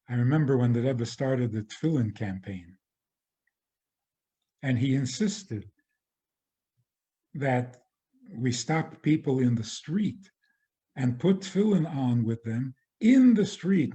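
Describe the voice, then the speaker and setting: A male rabbi lecturing at a very slow, deliberate pace. His tone is mellow and dark. He talks in a measured way and often circles back to repeat a phrase. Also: medium pitch, lively intonation. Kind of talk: spoken lecture.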